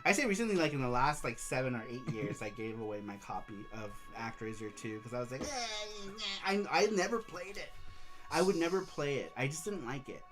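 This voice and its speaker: A man's voice: medium pitch, big pitch swings, fast, few pauses, music in the background. A man hosting a casual livestream, rambling about games and reading viewer messages aloud. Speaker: show host and streamer.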